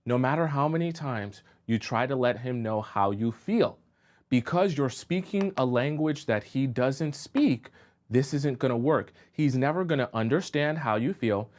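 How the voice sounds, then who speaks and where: A man's voice: medium pitch, lively intonation, measured pace. A man talking as a dating coach on a live-stream advice show, conversational and often checking in with his audience. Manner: conversational, checks in with rhetorical questions.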